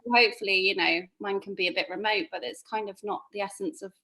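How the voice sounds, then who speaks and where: A woman's voice: mid-range voice, fairly even intonation, fast talker, pushed and bright. A woman presenter chatting as a guest on a video-call livestream, encouraging and a little rambling. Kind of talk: casual livestream chat.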